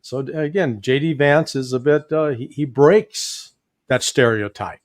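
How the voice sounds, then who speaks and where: A man with a Midwestern accent, a guest commentator talking politics in a folksy, animated way with joking asides. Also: medium pitch, a little slow, no room sound, clean studio sound. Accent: Midwestern American.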